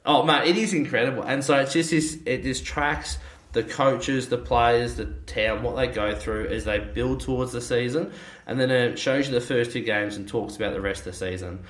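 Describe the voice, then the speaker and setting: A young man co-hosting a sports podcast, telling a story in an excitable, gushing way. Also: mid-range voice, moderate pace. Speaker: podcast co-host. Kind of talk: casual sports chat. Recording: roomy echo.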